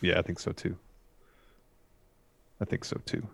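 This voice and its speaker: A man co-hosting a casual wrestling chat show, relaxed and agreeable, reading viewer names and questions aloud. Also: measured pace, dry recording. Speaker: podcast co-host.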